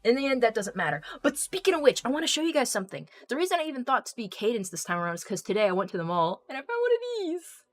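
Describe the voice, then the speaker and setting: A young adult woman streamer chatting casually and reading out viewer comments, rambling, excitable and quick to swear. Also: fairly high pitch. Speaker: live streamer.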